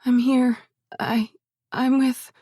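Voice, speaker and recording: A woman reading the heroine's own dialogue, pitched up, shaky and stammering in panic. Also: a little slow, a little mellow, dry recording, clean studio sound, close to an everyday voice. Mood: panicked. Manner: raised, shaky, stammering pleading.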